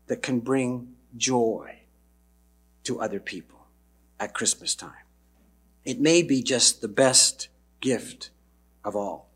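A man preaching a sermon, slow and emphatic, dropping low on key words. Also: a bit bright, slightly rough.

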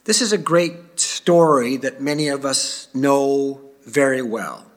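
A man giving a sermon, reading scripture aloud with feeling and dropping to quiet asides. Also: mid-range voice, slow pace. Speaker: preacher.

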